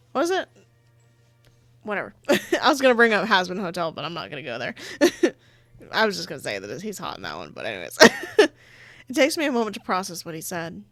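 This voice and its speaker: A woman's voice: fairly low pitch, huge pitch swings, fairly quick, long pauses, fairly bright tone, no echo, faint music behind. A woman playing a visual novel, reading its narration aloud in a chatty, giggly way with casual asides. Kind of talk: reading game narration with live commentary.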